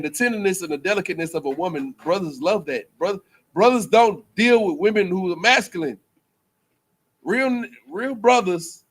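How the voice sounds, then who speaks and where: A man's voice: high-pitched, a bit bright. Loose, joking man preaching. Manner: loose, joking, laughs often, trails off into fillers; repeats himself, restarts mid-phrase. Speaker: teacher at a religious school. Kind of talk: preaching in casual banter.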